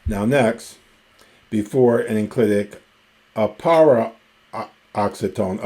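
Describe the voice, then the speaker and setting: A man teaching ancient Greek grammar in a recorded lecture, explaining the rules slowly and methodically and pausing often with ums. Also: lowish voice, warm tone.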